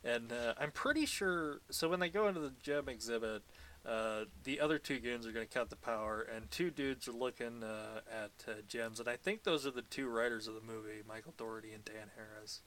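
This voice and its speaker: A man's voice: medium pitch, brisk, fairly bright tone, slight background noise. A man co-hosting a podcast, recapping a movie in casual chat, laughing often and swearing freely. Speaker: podcast co-host.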